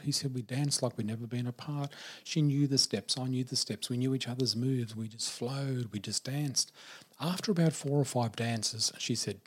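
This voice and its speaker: Older male storyteller, husky, animated, plays all the quoted voices. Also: mid-range voice, moderate pace. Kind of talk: personal storytelling.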